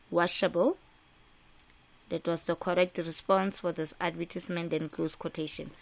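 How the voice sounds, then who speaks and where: During an exam revision lesson, a South African teacher stresses and repeats the key points, frequently stumbling into filler restarts. Her voice is fairly low in pitch with a fairly bright tone.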